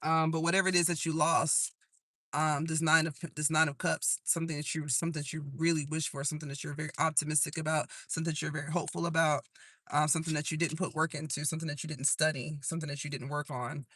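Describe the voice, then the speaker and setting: A man with a high, strikingly bright voice talks through a tarot spread for a live audience. He is casual and profane, teasing viewers and laughing at his own jokes. The sound is close and dry. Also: flat delivery, quick pace, dry recording. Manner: breaks into singing old songs. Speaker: tarot reader.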